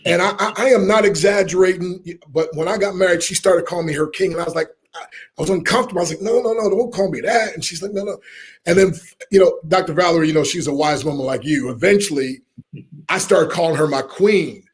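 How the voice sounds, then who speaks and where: A middle-aged man, a motivational speaker telling a lively story in an interview and acting out the people in it. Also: on the high side, fast, slightly rough. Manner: animated storyteller, acts out quoted voices, laughs often.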